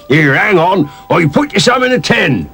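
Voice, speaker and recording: Hearty old sailor, bouncy high voice, salty old-fashioned talk, a man doing him. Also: very animated, takes it slowly, fairly bright tone, soft background music, exaggerated voice. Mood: kindly. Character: jolly old seafaring man, good-humoured.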